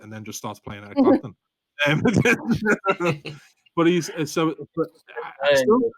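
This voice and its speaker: A Liverpool man with a Scouse accent, on a podcast as a guest author, tells casual, meandering stories at his own expense and laughs often. His voice is a little high and very animated, at a moderate pace. No echo can be heard.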